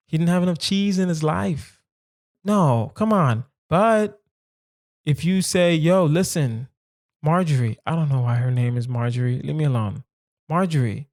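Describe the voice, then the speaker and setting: A man hosts a solo comedy podcast, musing casually and rambling playfully through silly questions he poses to himself. His voice is a little high and a little mellow.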